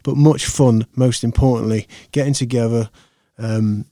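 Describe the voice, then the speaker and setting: A man closes out his podcast in a loose, rambling chat full of ums and false starts. His voice is mellow and fairly flat in pitch, recorded dry and close on a podcast mic. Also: a little slow, dry recording. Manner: rambling, chatty, loose, many fillers and restarts. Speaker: podcast host. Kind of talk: casual podcast sign-off. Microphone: podcast microphone.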